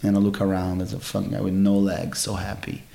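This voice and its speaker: A man's voice: sits low, monotone, fairly quick, creaky, warm tone, reverberant. A middle-aged man telling stories from his martial arts career in a casual interview, rambling with many fillers and restarts. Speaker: jiu-jitsu champion guest.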